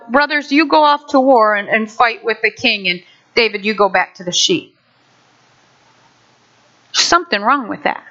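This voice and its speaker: Animated high-voiced woman preaching. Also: muffled recording. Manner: animated, acting out the story. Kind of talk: sermon.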